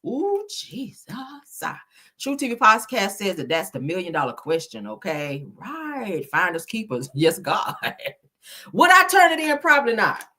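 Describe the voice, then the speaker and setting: A woman's voice: medium pitch, huge pitch swings, measured pace, pushed and bright. A woman hosting a casual chat, reading live comments in a sassy, dramatic way and swearing often. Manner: sassy, dramatic, swears a lot, calls viewers baby and child. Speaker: host.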